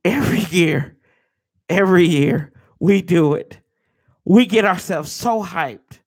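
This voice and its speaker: A man's voice: sits high, takes it slowly, slightly rough. A man hosting a sports fan show, ranting with fired-up, profane energy and talking to viewers as y'all. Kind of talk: live-stream rant.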